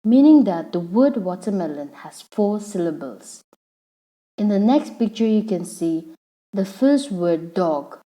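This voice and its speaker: A woman teacher explaining a lesson patiently, repeating each word slowly so the syllables come through. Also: mid-range voice, animated, mellow, poor audio. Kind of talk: slow classroom explanation.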